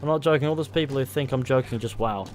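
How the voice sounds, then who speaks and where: A man streams a game live, talking in a loose, sweary way and trading jabs with his chat. His voice sits at a middle pitch. Soft music plays faintly behind him. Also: fast. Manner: casual and sweary, banters with chat. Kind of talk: live gameplay commentary.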